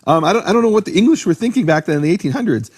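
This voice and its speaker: Man explaining with animated questions. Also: high voice, racing, husky. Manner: animated, rhetorical questions, frequent restarts. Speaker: Bible teacher explaining Hebrew names. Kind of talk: conversational lecture.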